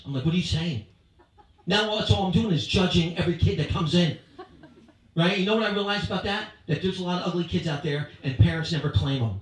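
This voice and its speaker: A man doing a stand-up comedy set in a club, punchy and animated, with crowd work. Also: fairly high pitch, very echoey, far from the mic, rough recording. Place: comedy club stage before a live audience.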